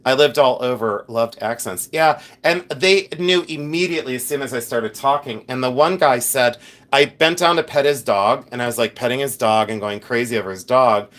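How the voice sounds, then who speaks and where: A man's voice: medium pitch, normal speed, fairly bright tone. A middle-aged man from Ohio hosting a casual live stream, telling chatty stories, laughing often and reading viewer comments aloud. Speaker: livestream host and reseller.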